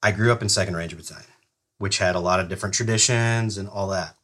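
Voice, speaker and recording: Low, fast, pushed and bright, this voice belongs to a middle-aged retired soldier guesting on a podcast. He's laid-back and profane, laughing through a long story. He served as an Army Ranger.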